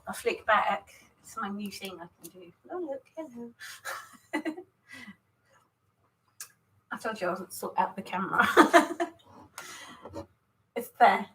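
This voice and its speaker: A woman hosts a relaxed live stream as she gets ready to paint, chatting in a loose, scattered way and greeting viewers one by one. Her voice sits at an ordinary middle pitch, and laughter keeps breaking into her talk. A faint hiss runs under everything. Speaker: artist hosting a live stream. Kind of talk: casual live-stream chat while setting up to paint.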